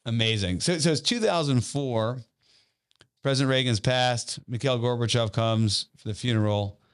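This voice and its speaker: A man of middle pitch hosting an interview show. He asks long, layered questions and often restarts as he builds toward his point. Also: normal speed. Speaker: podcast host.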